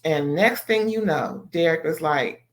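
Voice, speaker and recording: A woman giving an animated, emphatic recap of a TV episode, swearing and exclaiming as she reacts. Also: low-pitched, a little slow. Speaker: TV show reviewer. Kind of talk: casual recap and commentary.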